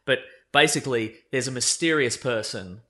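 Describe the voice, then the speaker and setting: Bright-voiced man hosting a comedy chat. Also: medium pitch, normal speed. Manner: animated, reads captions aloud with jokey asides. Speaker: podcast co-host reading a comic.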